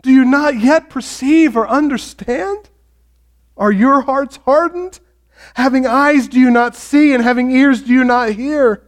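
A man's voice: extremely high pitch, a little slow, pitched above the performer's own voice. A man playing Jesus as a grieved teacher who presses his followers with raised, insistent questions. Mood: pleading, insistent.

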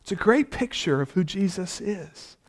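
A high-pitched male pastor delivering a sermon. He moves between soft, reassuring passages and loud, energetic scenes. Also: normal speed. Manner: animated, shifts from hushed to loud.

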